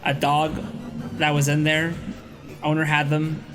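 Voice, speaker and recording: Young guy streamer rambling thru a story, kinda high voice, music going behind him. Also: monotone, a little slow, poor audio. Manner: rambling storyteller with restarts and swearing. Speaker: streamer host. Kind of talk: casual stream chat. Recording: music playing faintly behind.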